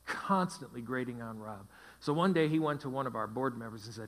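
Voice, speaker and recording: A man's voice: medium pitch, fairly quick, fairly bright tone. A middle-aged man preaching a sermon as pastor, emphatic and repeating phrases for stress. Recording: long hall reverb.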